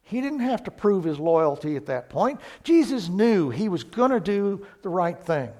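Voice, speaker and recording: A man preaching a sermon, earnest and unhurried, who gets louder on the points he stresses. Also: high voice, very animated. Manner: slow, earnest, rises in volume on key points.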